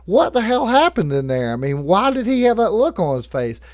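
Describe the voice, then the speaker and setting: A man voicing a gossipy middle-aged mother who talks excitedly and mocks while laughing. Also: high voice, normal speed, dry recording, pitched above the performer's own voice. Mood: nosy.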